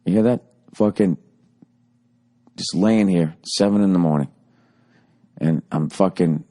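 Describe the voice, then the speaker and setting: A man's voice: deep voice, measured pace, pauses often, dark tone. A man in his forties with a Boston accent, hosting a podcast and swearing his way through an irritated story. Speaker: podcast host. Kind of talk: casual rambling monologue.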